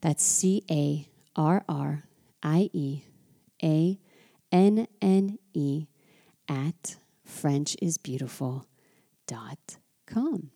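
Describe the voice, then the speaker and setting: A low-pitched woman from the United States with a gravelly edge and a mellow, dark tone. She is a French teacher hosting a podcast, speaking thoughtfully and stretching out the words she wants to stress. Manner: thoughtful, drawing out key words slowly. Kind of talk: reflective podcast monologue.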